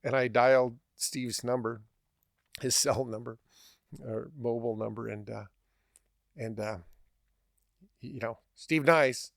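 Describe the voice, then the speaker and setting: A man hosting a podcast, telling a story in a lively, casual way and often laughing as he goes. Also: medium pitch, gravelly, no room sound, studio quality. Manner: animated, laughing, quick restarts. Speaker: podcast host.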